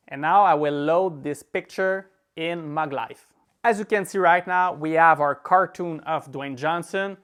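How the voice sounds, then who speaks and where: A man's voice: on the high side, clear, resonant tone. A man with a French accent, a native French speaker, hosting a screen-recorded app tutorial and walking through each step in an easygoing way with small laughs. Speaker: tech tutorial host.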